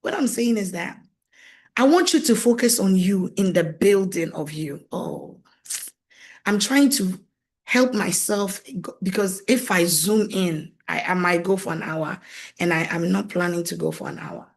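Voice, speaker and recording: In a faith-based teaching talk, a woman marriage coach stays animated, laughs a lot, acts out quoted voices and repeats phrases for emphasis. She has a lowish voice with vocal fry and speaks a little slowly.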